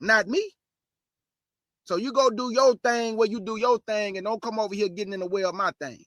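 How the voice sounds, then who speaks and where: A man's voice: high-pitched, a little fast, fairly bright tone, dry recording, clean studio sound. A man preaching a fiery sermon, speaking in a blunt, streetwise and combative way and reading scripture aloud with rising emphasis.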